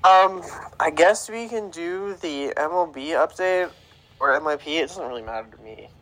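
A man's voice: on the high side, normal speed, a bit bright, low-quality recording. A man co-hosting a casual podcast, talking in an offhand, dismissive way. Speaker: podcast co-host.

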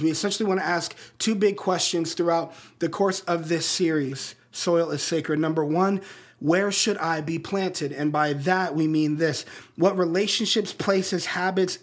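A young adult man preaching a sermon in a casual, slangy way, with plenty of rhetorical questions. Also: on the high side. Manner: casual slangy preaching, acts out movie dialogue. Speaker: pastor.

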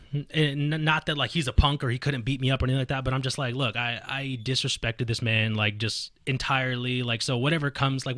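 A young man talks through a story on a podcast, fast and bright, throwing himself into the lines he quotes. The sound is dry and close, with no room around it. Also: medium pitch, no echo. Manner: animated retelling, acts out quoted voices loudly, swears freely. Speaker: podcast guest, fighting game player. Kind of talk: casual storytelling chat.

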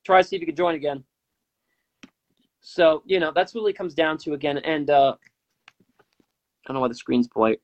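A man's voice: on the high side, normal speed, pauses often, highs cut off. A man in his twenties hosting a political talk stream, rambling casually with many fillers and restarts. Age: 20s. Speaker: political talk show host. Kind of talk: casual live-stream commentary.

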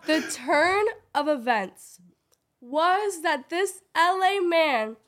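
A woman's voice: extremely high pitch, lively intonation, slow. A young woman co-hosting a podcast. She retells events casually and acts out the dialogue. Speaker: podcast co-host. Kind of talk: casual chat.

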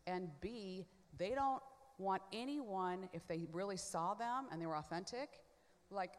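A woman telling her own story on a panel, chatty and full of asides. She swings from hushed to loud and back. Her voice sits in the middle range and carries a long reverb tail. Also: medium pitch, a little slow. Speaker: panel guest. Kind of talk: animated personal testimony.

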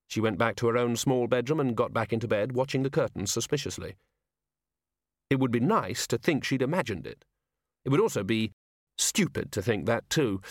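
Expressive male audiobook narrator. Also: medium pitch, dry recording, clean studio sound. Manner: expressive storytelling. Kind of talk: audiobook reading.

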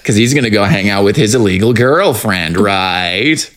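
A man co-hosting a casual podcast, recapping a TV show in a joking, animated way. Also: on the low side, moderate pace. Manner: animated, joking, acts out lines in put-on voices. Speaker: podcast co-host.

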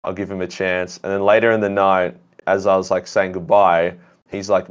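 Podcast guest, man, very deep voice, blunt animated storyteller. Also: fairly quick, clean tone. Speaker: guest, content creator. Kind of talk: casual podcast chat.

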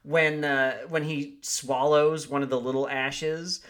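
A man's voice: fairly high pitch, level tone, slow pace, a bit bright. Laughing man chatting about movies. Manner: chatty, laughs often, trails off mid-thought. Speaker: podcast co-host. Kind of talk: casual movie discussion.

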